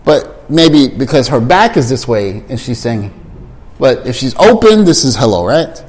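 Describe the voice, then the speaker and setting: A man teaching English to a class of learners, repeating phrases slowly and switching into Japanese to explain. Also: medium pitch, big pitch swings, a little mellow, a little hiss or hum.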